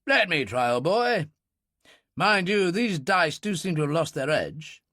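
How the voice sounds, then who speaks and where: A man's voice: fairly high pitch, sing-song, a little slow, bright, forceful tone, no echo, full character voice. A man voicing a dry, polite, upper-class older Englishman in an audiobook.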